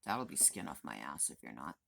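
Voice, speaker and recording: A woman's voice: a bass voice, sing-song, brisk, vocal fry, fairly bright tone. A woman in her fifties, a vlogger, venting to the camera in a blunt, profane, exasperated rant. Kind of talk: angry direct-to-camera rant.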